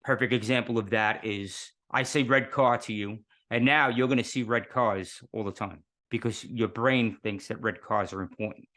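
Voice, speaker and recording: A man's voice: lowish voice, steady tone, moderate pace, few pauses, fairly bright tone. Earnest New man telling stories. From New York City. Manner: earnest storytelling, rhetorical questions. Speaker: guest. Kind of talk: casual interview talk.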